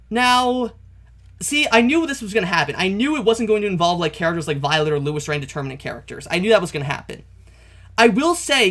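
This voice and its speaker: Higher-voiced man narrating comic panels. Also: bright, forceful tone. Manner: narrates panels step by step, correcting himself; openly dismayed commentary. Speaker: comic reaction video host. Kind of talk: reading a comic aloud and reacting.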